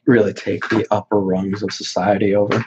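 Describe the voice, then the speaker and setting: A man's voice: lowish voice, muffled recording, background noise. A man hosting a casual livestream and answering viewer questions in a blunt, dismissive way, rambling with many fillers.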